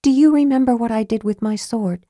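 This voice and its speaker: A woman voicing a spirited young woman fighter who speaks softly but firmly, with a sharp edge. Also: fairly high pitch, fairly quick, no room sound, studio quality, voice pushed up, lightly acted. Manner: soft but firm, sharp-tongued.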